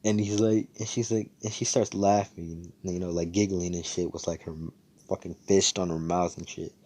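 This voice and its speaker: A man's voice: low-pitched, flat delivery, moderate pace, mellow. A young man casually retelling a story, rambling and swearing, full of slang and self-corrections.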